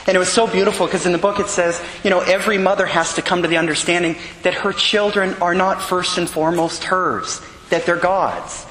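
A man with a slightly high voice tells a story in a measured, earnest sermon. His words carry a long reverb, as if spoken in a large church, with a faint hiss of background noise. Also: a bit bright. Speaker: preacher. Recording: echoey hall with long reverb.

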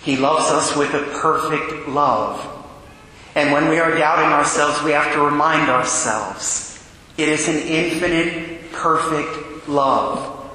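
A man's voice: fairly high pitch, takes it slowly, bright, forceful tone. A male Catholic priest giving a homily, earnest, asking his listeners many direct questions. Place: large church. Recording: very echoey church with long reverb.

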